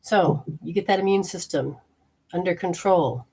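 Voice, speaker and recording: Woman, healing-show host, husky voice, emphatic folksy teacher. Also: fairly low pitch, normal speed, warm tone. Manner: emphatic, talks straight to the viewer with rhetorical questions; folksy, exclamatory asides. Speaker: host and energy healer. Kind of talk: instructional health show.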